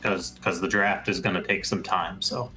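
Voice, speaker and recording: A man's voice: deep voice, little pitch movement, normal speed, pushed and bright, faint music behind. A man co-hosting a podcast, chatting casually with brief, wry remarks. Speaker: podcast co-host. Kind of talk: casual chat.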